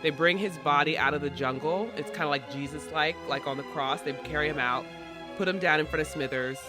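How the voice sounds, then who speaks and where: A man co-hosting a podcast, recapping a play in a lively, conversational way. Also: on the high side, a little fast, music in the background. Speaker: podcast co-host. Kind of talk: animated story recap.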